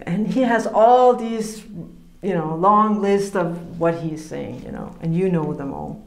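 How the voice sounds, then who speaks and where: A woman's voice: mid-range voice, slow pace. A woman preaching an informal sermon, earnest and conversational, laughing often as she teaches. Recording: roomy echo.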